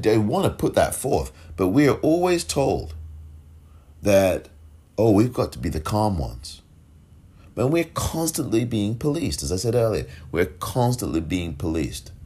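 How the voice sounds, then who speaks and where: Podcast host, male, deep husky voice, impassioned solo commentary, repeats lines for emphasis. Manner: impassioned, rising to near-shouted questions; rhetorical, repeats phrases for emphasis.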